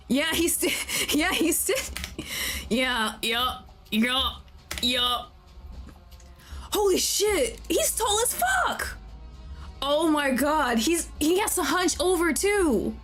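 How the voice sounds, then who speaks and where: Excitable young woman streamer, slow talker. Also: high voice, faint music behind. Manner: excitable, talks to game characters, swears and laughs. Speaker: VTuber streamer. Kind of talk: casual gameplay commentary.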